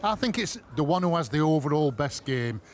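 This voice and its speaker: A man with a slightly high voice gives emphatic, animated punditry on a strength contest. He stresses his points with energy. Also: brisk, slight background noise. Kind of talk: studio punditry.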